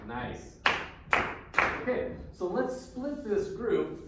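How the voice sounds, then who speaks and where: A man's voice: high-pitched, big pitch swings, drawn-out words, heavy background noise. A man teaching a group rhythm class, counting beats aloud and cheering the students on. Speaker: guitar teacher. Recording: roomy, distant mic, music in the room.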